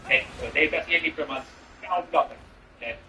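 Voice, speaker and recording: A man's voice: fairly high pitch, fast talker, bright, forceful tone, distant mic. A man streaming a game and riffing sarcastically in rambling, filler-heavy talk. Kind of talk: comedic commentary while gaming. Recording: roomy, off-mic, music behind. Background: music.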